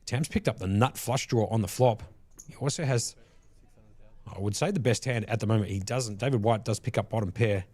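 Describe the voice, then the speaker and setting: A man commentating a live poker stream from a commentary box on a headset mic, relaxed and chatty, with frequent laughs. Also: fairly low pitch, brisk, no echo. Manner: easygoing, laughs often, chatty asides.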